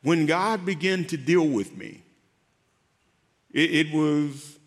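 Man, fairly high voice, halting and heartfelt, repeats words, long hall reverb. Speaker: guest, former pro football player. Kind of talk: emotional faith testimony.

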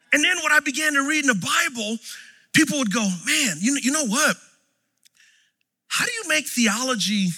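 In a hall with long, ringing echoes, a husky, high-voiced man in his forties delivers a sermon with a bright, forceful tone. His storytelling is animated, veering between shouts and quiet moments.

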